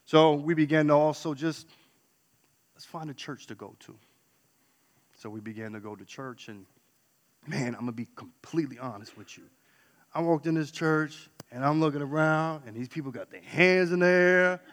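A man sharing a personal faith testimony in an earnest storytelling way, dropping to a hush and then rising to loud excitement. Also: fairly high pitch, moderate pace, long pauses, long reverb tail. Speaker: church member sharing his testimony.

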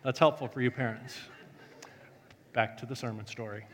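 A male pastor telling a story in a sermon, joking and animated, swinging from loud bursts to hushed tones. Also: mid-range voice, normal speed, in a large hall, heavy background noise.

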